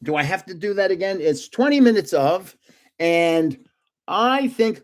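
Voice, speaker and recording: An older man hosts a relaxed live stream. His voice sits a little higher than most men's. He rambles through stories and chuckles often as he talks. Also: moderate pace. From North Jersey, United States. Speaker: livestream host. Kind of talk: casual live-stream chat and storytelling.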